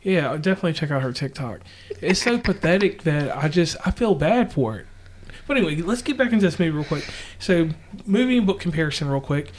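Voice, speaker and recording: A man chatting casually as co-host of a home podcast, recorded in a kitchen. He rambles and drifts off topic. His voice sits fairly high for a man. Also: expressive, fairly quick, a little hiss or hum. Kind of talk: casual chat.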